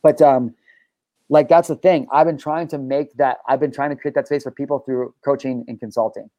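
A podcast host and life coach runs a talk show, coaching listeners through an intense, preachy monologue full of swearing. His voice is mid-range, steady and dark at normal speed, recorded roughly but with no echo.

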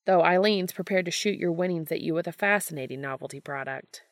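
A woman's voice: fairly low pitch, brisk, no echo, studio quality, natural voice. A woman voicing a brash, joking male game show host in a fan story reading. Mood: teasing showman. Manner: teasing, showy.

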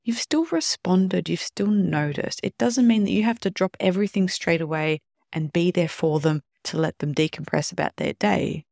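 A podcast host talking calmly on their own about relationships and now and then acting out short quoted examples. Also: medium pitch, moderate pace, vocal fry, no echo, clean studio sound. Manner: calm explanatory, acts out short quoted examples. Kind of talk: solo podcast talk on relationships.

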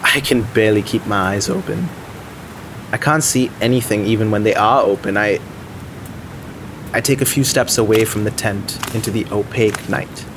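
A man's voice: lowish voice, moderate pace, noisy background. A young man narrating an audio drama in the first person, anxious and self-deprecating, with faint music underneath. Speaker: narrator and lead character.

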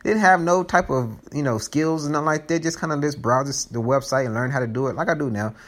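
A man's voice: on the high side, fast. A man hosting his own podcast in casual chat, rambling and joking and often restarting his sentences. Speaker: podcast host.

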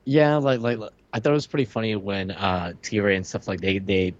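A lower-voiced man in casual podcast chat, hedging and restarting his thoughts with constant "like"s. The recording sounds dull and lo-fi. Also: fairly even intonation, moderate pace, no room sound. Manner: hesitant, many "like"s and restarts. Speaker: podcast co-host.

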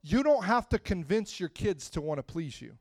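A man preaching a sermon, moving from quiet, close talk to loud, rising preaching and calling out to the congregation. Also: high voice, big pitch swings, normal speed, no echo. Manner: calls out to the congregation.

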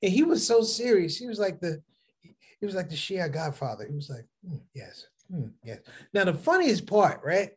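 High-voiced male stand-up comedian. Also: normal speed, slightly rough. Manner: animated storytelling, acts out characters.

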